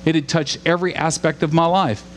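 A man's voice: fairly high pitch, steady tone, fairly quick. Man preaching in a reverberant hall. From Louisiana. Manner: earnest, rising to emphatic repetition, asks the congregation questions. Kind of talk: sermon. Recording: long hall reverb with faint hum.

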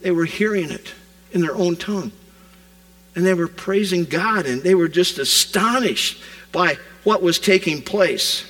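A man preaching a sermon, retelling scripture as a vivid modern scene, rising loud and dropping to a hush. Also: high-pitched, a little slow, low-quality recording. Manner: animated storytelling preacher, swings from loud to hushed. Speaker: pastor.

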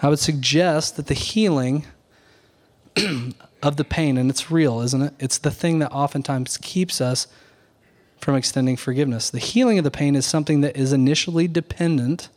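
A man, a pastor, preaching an earnest Sunday morning sermon at a measured, deliberate pace, pausing on key words. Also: on the high side, darkish tone.

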